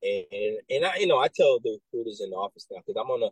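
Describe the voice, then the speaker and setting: A man working as a military recruiter, talking casually and telling animated stories with many restarts and asides. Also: on the low side, racing, slightly rough, dry recording, low-quality recording. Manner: animated storyteller, acts out quoted voices, many restarts and "right?". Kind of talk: casual conversation.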